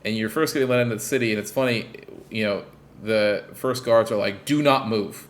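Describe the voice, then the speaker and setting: A man's voice: fairly low pitch, fairly even intonation, brisk, a little hiss or hum. A man co-hosting a podcast, rambling in casual chat with lots of fillers and the odd swear word. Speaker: podcast co-host.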